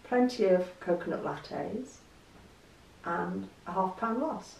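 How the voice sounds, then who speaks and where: A woman's voice: lowish voice, lively intonation, slow, vocal fry, a little mellow, slight background noise. An English woman vlogging in a chatty storytelling way, laughing easily as she talks. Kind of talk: casual chat to camera. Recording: roomy echo, distant mic.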